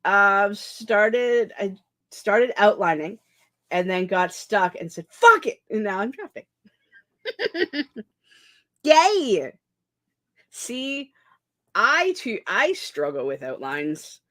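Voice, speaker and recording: A woman's voice: medium pitch, sing-song, takes it slowly, fairly bright tone. A young woman chatting casually on a writing livestream, reading chat aloud and often restarting her sentences. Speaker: streamer hosting a writing session.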